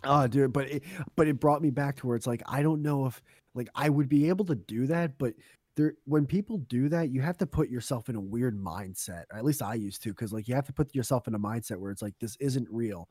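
A man's voice: medium pitch, brisk, a little mellow, dry recording, clean studio sound. A young man co-hosting a casual podcast, telling rambling stories full of swearing and laughter. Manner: rambling storyteller, swears a lot, laughs often. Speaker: podcast co-host. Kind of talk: casual chat.

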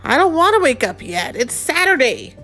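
A woman's voice: high voice, very animated, normal speed, sharp tone, faint music behind, pitched above the performer's own voice, exaggerated voice. A woman voicing a tired, groaning father chicken in a storybook read-aloud. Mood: sleepy. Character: sleepy grumbling father chicken.

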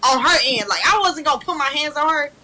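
A young woman telling a story in casual chat, animated and laughing, loudly acting out what others said. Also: high-pitched, quick pace, low-quality recording.

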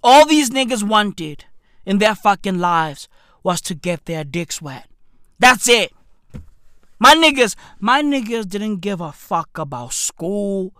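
A young woman telling profane comic stories, jumping from high squeals to low mutters and packing in slang. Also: expressive, takes it slowly, a bit bright, no room sound.

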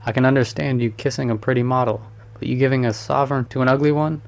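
A man's voice: medium pitch, fairly even intonation, fast talker, creaky, natural voice. A man reading a storybook, voicing a cheerful, worldly male painter who teases his friend. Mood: amused. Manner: teasing, amused. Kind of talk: audiobook reading.

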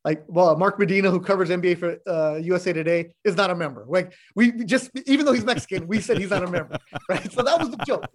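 A middle-aged man with a fairly high-pitched voice talks casually as a guest on a podcast. He tells his stories bluntly and with plenty of animation, dropping the odd swear word along the way. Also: quick pace. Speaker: sports broadcaster, podcast guest. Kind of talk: casual chat.

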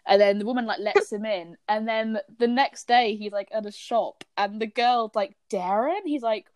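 A woman's voice: a little high, normal speed, no room sound. Chatty young woman retelling a scene. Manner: chatty, animated retelling with quoted voices. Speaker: podcast co-host. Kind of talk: casual chat reviewing a TV episode.

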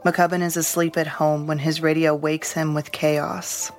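Low, flat-voiced woman narrator. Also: a little slow, faint music behind. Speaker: news narrator. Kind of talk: scripted narration.

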